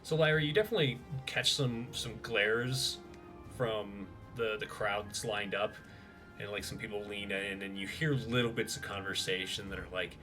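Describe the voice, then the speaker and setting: A man's voice: lowish voice, moderate pace, over music. A man narrating as game master of a tabletop role-playing game, in a loose, chatty way full of fillers.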